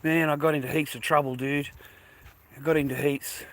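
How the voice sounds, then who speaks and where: A man's voice: a little high, flat delivery, normal speed, a bit bright. A tired, middle-aged man with an Australian accent, rambling and swearing as he talks to his viewers while walking outdoors. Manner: rambling, swears a lot, addresses viewers as mate and boys. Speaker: vlogger. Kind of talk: casual rambling monologue to viewers. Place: outdoors, walking to a bus stop early in the morning.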